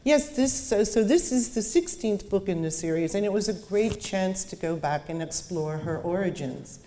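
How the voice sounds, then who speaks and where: A woman's voice: medium pitch, lively intonation, normal speed, warm tone, slight background noise. A woman author reading aloud from her novel and then chatting about how she wrote it. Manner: chatty, with fillers and restarts when talking. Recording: long hall reverb.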